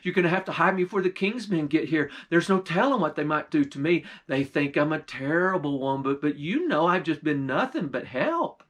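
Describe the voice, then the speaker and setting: A man's voice: a little high, lively intonation, a little fast, few pauses, a bit bright. A sly old witch wheedles and pleads in a raised, whiny voice, as a male storyteller puts her on. She begs her way in and shrieks when trouble comes. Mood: pleading.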